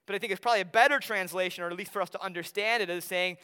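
A young man from Wisconsin with an Upper Midwest accent, preaching a sermon in a conversational way, often dropping soft for emphasis. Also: high voice, rapid-fire, hardly any pauses, clean tone. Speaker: pastor. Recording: long hall reverb.

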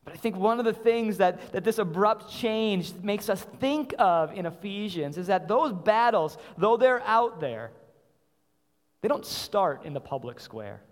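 A man's voice: sits high, lively intonation, a little slow. A man preaching a sermon in earnest, repeating phrases and asking rhetorical questions. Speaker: pastor. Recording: long hall reverb.

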